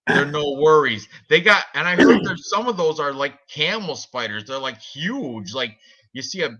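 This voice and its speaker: A man co-hosting a casual betting stream, chatting excitably, his voice shooting up high when something shocks him. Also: moderate pace. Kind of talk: casual chat. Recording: dull lo-fi stream audio.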